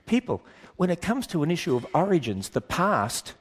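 A man giving an emphatic talk to a church audience, firing questions at the listeners and acting out quoted voices in quick exchanges. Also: on the high side, big pitch swings, husky. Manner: acts out quoted voices in quick back-and-forth. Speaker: speaker.

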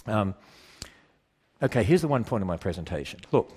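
A man giving an emphatic talk to a church audience, firing questions at the listeners and acting out quoted voices in quick exchanges. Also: lowish voice, very animated, darkish tone, slightly rough. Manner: acts out quoted voices in quick back-and-forth. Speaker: speaker.

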